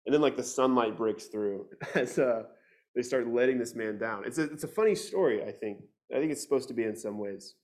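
A man's voice: medium pitch, fairly quick, a little mellow. A man teaching scripture in a conversational way, reading verses aloud and explaining them closely, often repeating words as he goes. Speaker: preacher.

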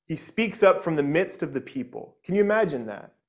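A man preaching with earnest conviction, his voice sitting a touch higher than most men's. He stumbles into repeated words and keeps asking the congregation "right?", and he reads scripture aloud with feeling. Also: expressive, fairly quick. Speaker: pastor. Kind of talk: expository sermon.

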